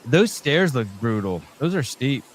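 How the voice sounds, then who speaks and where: On his live call-in podcast, a middle-aged man rants with blunt profanity, rambling and restarting as he goes. His medium-pitched voice swings widely in pitch at a slightly slow pace, with a little background noise.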